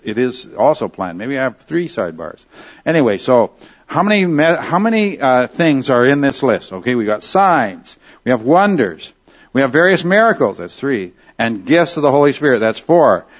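A man explaining scripture to a class, pausing to correct himself and check that listeners follow. His pitch sits in the middle range. The recording sounds a little dull and lo-fi. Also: big pitch swings. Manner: explanatory, self-correcting, with rhetorical questions. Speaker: Bible teacher. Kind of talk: classroom Bible lecture.

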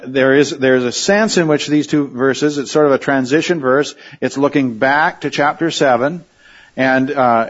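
A man delivers an expository sermon at a mid-range pitch, talking to the congregation like it's a conversation. He often stops and restarts his sentences. The recording has a dull, lo-fi sound. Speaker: preacher.

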